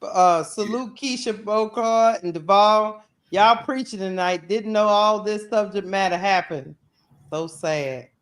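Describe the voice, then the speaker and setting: A man's voice: sits high, a little slow, fairly bright tone. A man co-hosting a sports livestream, chiming in briefly with a laid-back manner in casual chat. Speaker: co-host.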